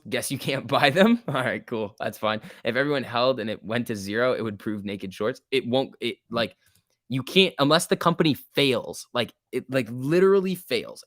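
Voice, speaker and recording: A man's voice: mid-range voice, a bit bright, dry recording, clean studio sound. A man casually commenting on a livestream and reading out chat, laid-back and chatty, laughing often. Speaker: stock market livestream host.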